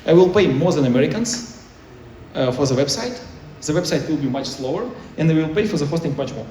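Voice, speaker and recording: A man's voice: a little high, animated, brisk, warm tone, slight background noise. Man speaking at a conference, echoey hall. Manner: non-native English, choppy phrasing with restarts. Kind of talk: conference talk. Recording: echoey hall, mic far off.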